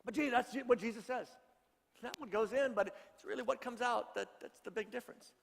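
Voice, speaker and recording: A male pastor with a notably high voice preaches in an easy, conversational way and banters with the congregation. His words ring out with a long reverb, as in a big sanctuary. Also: a little fast, gravelly, fairly bright tone. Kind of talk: sermon. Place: church sanctuary.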